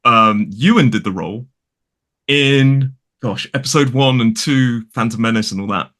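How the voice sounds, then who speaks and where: A British man from the United Kingdom, a guest who teaches English, chats casually in a bright voice of medium pitch at a moderate pace. He's talkative and digressive, with lots of restarts and fillers.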